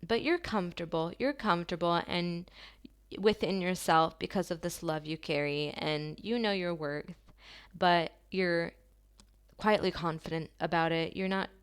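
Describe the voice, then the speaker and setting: A woman giving a channeled tarot reading to her viewers, talking softly and slowly in an affirming way, with long pauses. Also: on the low side, clean tone. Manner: soft, slow and affirming, with drawn-out pauses.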